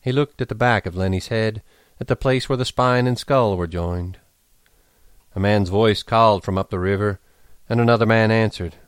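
A man reading a novel aloud in a measured, even storytelling manner. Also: lowish voice, clear, resonant tone, dry recording, studio quality. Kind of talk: audiobook narration.

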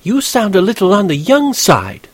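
A man's voice: on the high side, sing-song, moderate pace, no echo, pitched above the performer's own voice. A man voicing a brash, irritable young woman on the phone who turns falsely gracious in an audiobook. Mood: haughty. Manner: snappish, turning falsely gracious. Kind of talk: audiobook character voice.

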